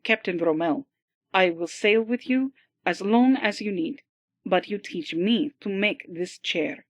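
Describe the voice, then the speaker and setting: A woman's voice: mid-range voice, unhurried, no room sound, close to an everyday voice. A woman voicing an earnest young navigator. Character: young Arab ship navigator, man, about thirty.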